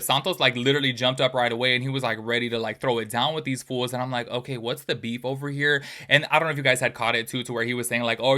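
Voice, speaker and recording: Fast-talking bright-voiced man, chatty. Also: medium pitch. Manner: chatty, animated, addresses viewers as y'all. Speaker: host. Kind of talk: casual commentary.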